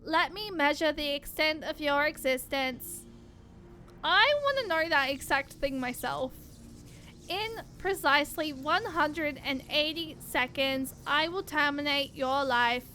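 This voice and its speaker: A cold combat machine speaks in a flat, robotic monotone, as a woman puts it on while reading game dialogue. The tone stays bright and the delivery slow and measured, every word clinical and detached. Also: high-pitched. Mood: menacing. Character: cold calculating combat machine, analytical, emotionless.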